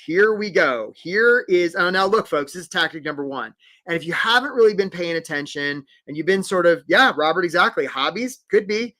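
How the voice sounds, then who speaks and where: A man's voice: sits high, sharp tone. Upbeat man hosting a career webinar. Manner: upbeat, encouraging, greets chat viewers by name. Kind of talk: live webinar teaching.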